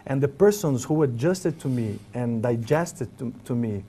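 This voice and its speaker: A man with an Italian accent, speaking English as a second language, telling memories in a relaxed conversation and often restarting as he searches for words. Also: mid-range voice, moderate pace, slight background noise. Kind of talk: casual reminiscing conversation.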